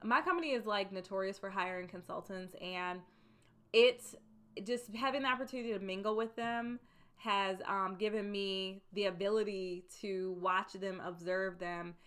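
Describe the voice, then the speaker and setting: This is a woman in her thirties sharing workplace advice in a casual, talky way. Her tone is bright, and her soft voice leans toward sounding a little meek. She keeps returning to her main points and hammers them home. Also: mid-range voice, moderate pace, clean tone. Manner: chatty, emphatic, repeats key advice. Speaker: vlogger giving career advice. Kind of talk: casual advice talk to camera.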